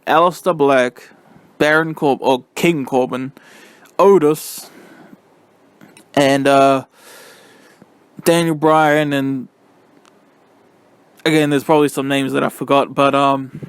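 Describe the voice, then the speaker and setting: Young man, excitable rambling chat, smooth clear voice, dry sound. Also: mid-range voice, no echo. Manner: excitable, rambling with many fillers. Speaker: wrestling reviewer. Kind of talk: casual solo review.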